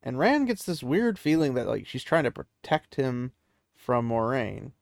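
A man's voice: medium pitch, big pitch swings, unhurried, gravelly, no echo, studio quality. A man casually retelling a fantasy story in a chatty, loose way, with many "he's like" asides.

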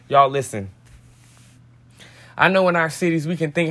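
A man's voice: a little high, normal speed, long pauses, bright, forceful tone. A man hosting a podcast, reading a daily devotional in a casual, slangy way with tangents. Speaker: podcast host.

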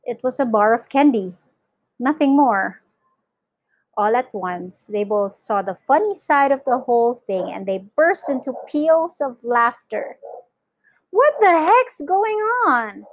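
A woman reading a children's novel aloud for a class, in clear, steady storytelling narration. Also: fairly high pitch, a little slow, no echo, low-quality recording. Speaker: reader for an English class.

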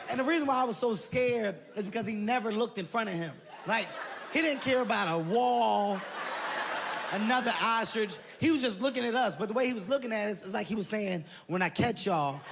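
A man with a high, bright voice is doing stand-up on a theater stage. He tells his story with animated energy and puts on voices and shrieks for the people in it. The crowd laughs loudly over a noisy live room. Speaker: stand-up comedian. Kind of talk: stand-up comedy routine. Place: theater stage before an audience.

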